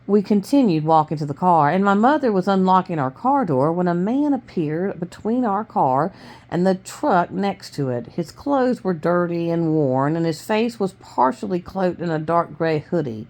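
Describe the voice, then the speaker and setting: A woman reading a novel aloud, steady with small stumbles. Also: lowish voice, moderate pace. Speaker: reader.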